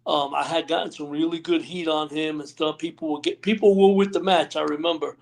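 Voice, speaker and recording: This man speaks a little fast at a fairly high pitch, with vocal fry and fairly even intonation. A retired pro wrestler guesting on a live stream interview via remote call, he tells rambling backstage stories, performs others' quotes and often says "you know what I mean".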